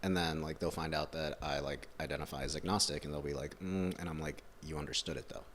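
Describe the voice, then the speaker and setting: A young man with a very low, deep voice chatting casually on a podcast. He is laid-back and slangy, dropping "bro" and "dude" as he talks. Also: steady tone, fast talker, a bit bright. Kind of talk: casual conversation.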